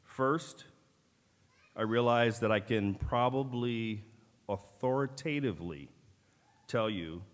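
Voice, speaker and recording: A middle-aged man giving a formal keynote speech at a medical school ceremony, in a measured, deliberate manner with wry asides. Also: mid-range voice. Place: large auditorium. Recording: long hall reverb from a large auditorium.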